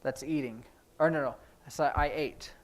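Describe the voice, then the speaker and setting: A man teaching a sign language class in a church classroom, explaining each sign as he demonstrates it, with hurried asides about the time. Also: mid-range voice. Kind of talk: classroom instruction.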